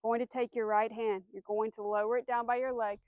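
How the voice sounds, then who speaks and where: Clear-voiced woman teaching dog training. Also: on the high side, level tone, brisk, no echo, dull audio. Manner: clear instructional, firm commands, soft praise to dog. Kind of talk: outdoor dog training demonstration. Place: outdoors.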